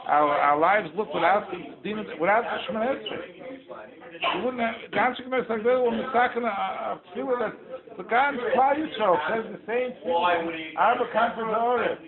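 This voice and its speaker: Rabbi telling a story over crowd noise. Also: male voice, high voice, moderate pace. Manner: animated storyteller, repeats and restarts. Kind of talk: storytelling talk at a holiday gathering. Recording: tinny lo-fi recording with crowd.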